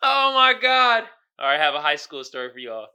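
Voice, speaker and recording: Male solo podcast host, very bright, sharp voice, swings wide in pitch; casual slang, laughs, loud bursts. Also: a little fast, clean tone. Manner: animated, laughing, breaks into loud outbursts; slangy, addresses listeners directly.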